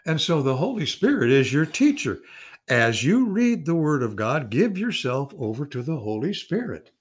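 A man's voice: a little high, sing-song, moderate pace, slightly rough. A man in his eighties teaching an informal Bible study, earnest and rambling, stretching out key words of Scripture for emphasis. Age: 80s. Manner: rambling with restarts and repeated words.

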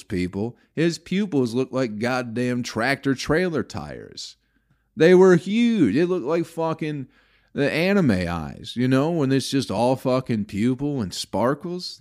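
A man's voice: medium pitch, a little mellow. A male comedian telling a rambling, profane story in a casual podcast, growing exasperated as he talks.

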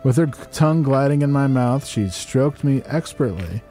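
A man hosting a comedy podcast, reading an erotic letter aloud in a deadpan, mock-solemn way. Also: medium pitch, normal speed, soft background music. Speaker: podcast host.

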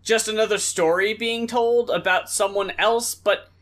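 A co-host of a music review chat, with a voice of middling pitch, talks loosely and casually. They sound puzzled, raising question after question as they reason out loud. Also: steady tone, a little slow. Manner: puzzled, questioning, thinks aloud.

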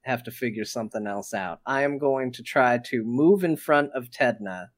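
Guy playing a tabletop game, says his moves slow and careful. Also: medium pitch, lively intonation, no room sound. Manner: deliberate, stating actions step by step. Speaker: player. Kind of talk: tabletop role-play.

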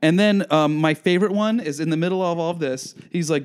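A man with a fairly high voice co-hosts a casual podcast chat. He talks in an animated, gushing way and slips into little sung quotes. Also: fairly quick, smooth. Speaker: podcast co-host.

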